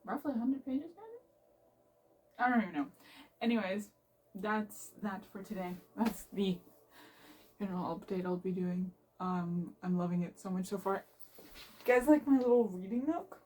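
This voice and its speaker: A young woman book vlogger chatting casually from her bed, gushing excitedly about a book with lots of fillers. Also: medium pitch, normal speed, long pauses. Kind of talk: casual reading vlog chat. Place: bedroom reading nook. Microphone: phone camera. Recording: voice from a distance.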